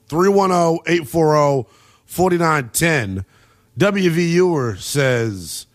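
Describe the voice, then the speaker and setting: Man, sports talk radio host, brash, teasing, lively pitch.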